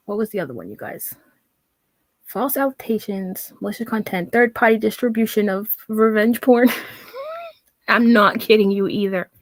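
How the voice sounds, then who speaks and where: A woman's voice: mid-range voice, no room sound. A woman giving a sarcastic, mocking commentary rant, reading out comments with scorn and swearing freely. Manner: mocking, profane, reads comments aloud in a scornful tone. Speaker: commentary vlogger.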